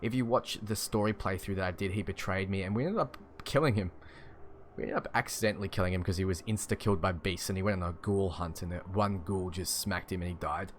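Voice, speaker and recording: A man's voice: low-pitched, fast talker, slight background noise. A young Australian man with an Australian accent, casually chatting and chuckling as he answers stream chat. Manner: chatty and laid-back, chuckling often.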